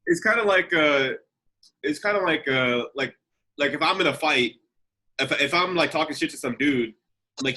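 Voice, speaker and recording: Bright-voiced young man rambling. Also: on the high side, normal speed, poor audio. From Los Angeles. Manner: rambling, filler-heavy. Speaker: podcast co-host. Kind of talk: casual chat.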